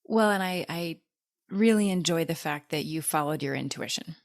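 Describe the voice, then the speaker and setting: A woman's voice: low voice, normal speed, vocal fry, no echo. Affirming woman host, dry sound. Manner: warm, affirming, conversational. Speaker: podcast host. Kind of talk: heartfelt interview conversation.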